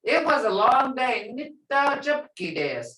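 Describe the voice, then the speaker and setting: An older woman teaching a language class in a relaxed, chatty way, repeating phrases slowly and laughing often. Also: high voice. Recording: echoey room, mic set far off.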